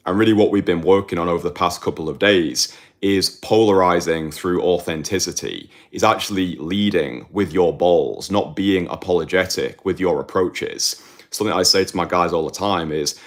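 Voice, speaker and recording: A man talking straight to the camera as a dating coach, blunt and emphatic, repeating phrases for effect and clearing his throat now and then. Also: low voice, moderate pace. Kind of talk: direct-to-camera monologue.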